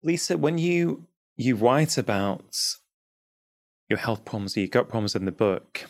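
A man hosting an interview conversation, asking reflective questions in a halting way and often repeating words. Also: medium pitch, animated, no echo, clean studio sound. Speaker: podcast host.

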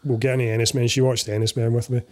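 Flat-toned Scottish man, measured. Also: mid-range voice. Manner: measured, hesitant explaining with fillers. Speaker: podcast co-host. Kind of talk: casual film chat.

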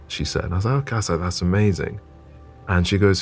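Low-voiced guy telling a story slowly, faint music behind. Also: gravelly. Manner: thoughtful, repeats words as he gathers thoughts. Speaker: photographer guest. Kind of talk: reflective storytelling in an interview.

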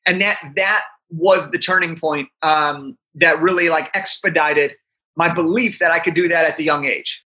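A young man in his twenties, a podcast guest, telling an animated story with frequent "right?" asides. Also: fairly high pitch, normal speed.

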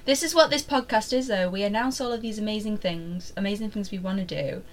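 A woman co-hosting a casual podcast, chatty and amused, quick to tease the others. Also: medium pitch. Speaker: podcast co-host. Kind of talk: casual chat.

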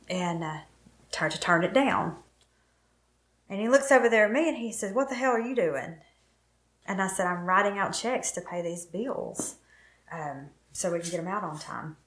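A middle-aged woman with a fairly low voice tells a painful personal story with feeling. She brings it to life by acting out what each person said. Her voice carries a roomy echo. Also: fairly bright tone. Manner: emotional, vivid retelling with quoted dialogue. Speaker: guest telling her story.

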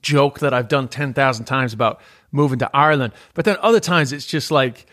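A man's voice: mid-range voice, fairly quick, a bit bright. A man with a New York Queens accent, a stand-up comedian in casual podcast chat, talking in a loose, rambling way full of restarts. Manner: chatty, restarts with many "like"s.

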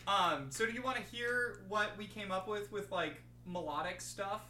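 A man's voice: high-pitched, moderate pace, pushed and bright, slight background noise. A man guest on a podcast, earnestly explaining chords and melody while workshopping a song. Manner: earnest, explains music theory. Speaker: guest musician. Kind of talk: casual songwriting chat. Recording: roomy and distant, guitar behind.

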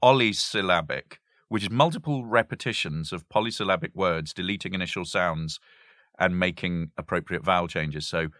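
A man's voice: low-pitched, moderate pace, fairly bright tone, no room sound, clean studio sound. A man explaining language games in a casual chat, stopping to give examples and laughing often.

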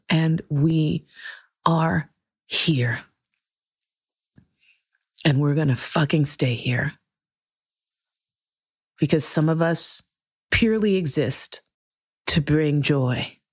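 A woman hosting her own podcast, speaking earnestly and emotionally to listeners, with frank, profane warmth. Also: deep voice, dry recording, studio quality. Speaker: podcast host. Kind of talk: heartfelt solo podcast monologue.

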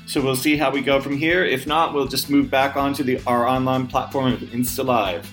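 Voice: medium pitch, steady tone, moderate pace, fairly bright tone. A podcast host giving a casual closing, with ums and uhs. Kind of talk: podcast outro. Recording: guitar music behind.

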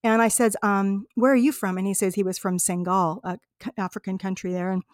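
Speaking fairly quickly with medium pitch and fairly even intonation, a woman from the United States tells heartfelt, reflective stories about her travels on her podcast. It's an earnest personal monologue, captured in studio quality without echo.

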